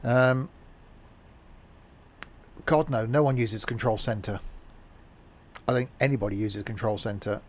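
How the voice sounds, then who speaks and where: A man streaming a driving game, chatting casually and rambling along with dry, dark humour. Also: medium pitch, fairly even intonation, unhurried, pauses often. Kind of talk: casual gameplay commentary.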